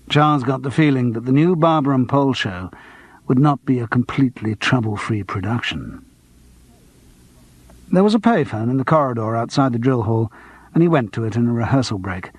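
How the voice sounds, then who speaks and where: Husky, dry-voiced male narrator. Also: mid-range voice, no room sound. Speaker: audiobook narrator. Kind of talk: scripted narration. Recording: dry close studio.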